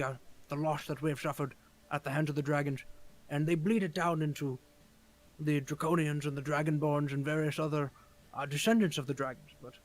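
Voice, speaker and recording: A man voicing an old male leader of dragon hunters, earnest and weary, speaking in a halting, grave, formal way. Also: on the high side, close to an everyday voice, rough recording. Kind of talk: role-playing a tabletop game character.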